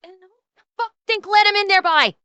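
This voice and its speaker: A woman's voice: very high-pitched, brisk, sharp tone. A woman streamer ranting and swearing while reacting, stammering and repeating herself. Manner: profane, stammering, heated ranting.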